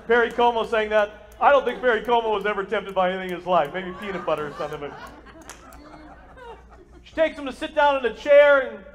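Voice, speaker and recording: A man preaching a sermon as pastor to a live congregation, energetic and joking, and speaking straight to the people in front of him. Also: high-pitched, brisk, in a large hall, crowd noise. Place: church sanctuary with a live congregation.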